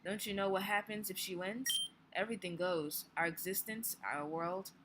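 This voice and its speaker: A woman voicing a shaken male cult leader, talking in an alarmed, pleading way over loud game music. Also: medium pitch, fairly even intonation, moderate pace, very noisy, natural voice.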